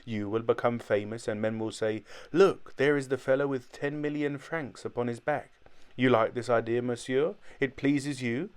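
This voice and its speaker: A man voicing a smooth, wealthy hotel owner who coaxes and persuades in a silky salesman's patter. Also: medium pitch, moderate pace, darkish tone, lightly acted. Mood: coaxing.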